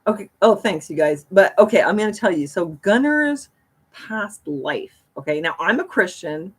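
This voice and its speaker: A woman's voice: medium pitch, lively intonation, normal speed, husky. Woman chatting on her livestream, rambly, laughs a lot. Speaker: livestream host. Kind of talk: casual livestream chat.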